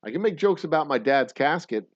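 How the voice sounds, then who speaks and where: A man's voice: fairly high pitch, expressive, brisk, no echo. A man hosting a casual show, rambling through a profane story with many restarts. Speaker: host. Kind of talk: casual chat. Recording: slightly dull lo-fi audio.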